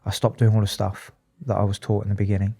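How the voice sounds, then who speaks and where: A man, a psychotherapist, talking candidly and emotionally in an interview, halting and restarting often. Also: on the low side, completely flat delivery, gravelly, mellow, breathy edge. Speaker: psychotherapist and addiction specialist, guest.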